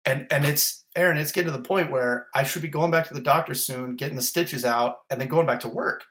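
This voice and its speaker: A man's voice: on the high side, fairly quick, a bit bright. A middle-aged fire captain telling his own story in an interview, intense and vivid in short repeated clauses. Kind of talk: personal storytelling in a podcast interview.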